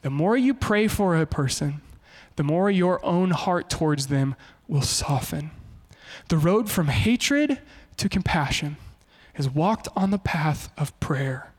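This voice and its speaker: A male pastor preaching a sermon in an animated way, often slipping into quoted voices. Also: a little high, slow pace, long reverb tail.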